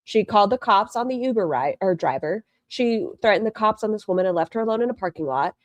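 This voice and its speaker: A woman's voice: mid-range voice, animated, fast talker, no echo. A woman hosting critical reaction commentary, blunt and sarcastic. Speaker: commentary host.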